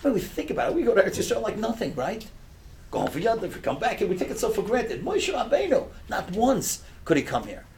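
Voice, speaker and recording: An older man giving a sermon through stories, swinging from hushed storytelling to loud, impassioned preaching. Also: high voice, sing-song, fast talker, a little hiss or hum.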